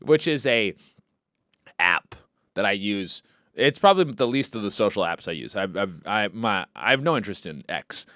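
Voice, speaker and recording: Excitable, rambling male podcast host. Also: fairly low pitch, moderate pace, no room sound, clean studio sound. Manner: rambling and profane, swings loud with excited outbursts. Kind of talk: casual comedic podcast chat.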